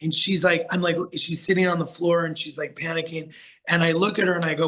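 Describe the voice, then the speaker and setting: Man, middle-aged, bright tense voice, slightly high, animated rambling storyteller, podcast guest. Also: brisk. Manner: chatty, animated storyteller with many fillers and restarts. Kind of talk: casual storytelling interview.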